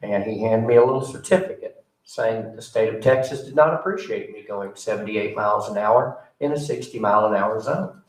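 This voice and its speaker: A man's voice: on the low side, a little fast. A male pastor preaching a sermon in a folksy, conversational way, telling a personal story with a joking aside. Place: church sanctuary. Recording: roomy sound from a distant mic.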